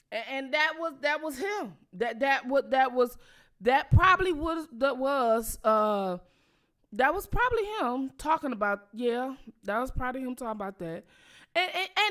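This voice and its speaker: Bright-voiced woman ranting casually. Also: high voice, sing-song, measured pace. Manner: profane, repetitive, emphatic. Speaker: channel host. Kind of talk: casual political commentary.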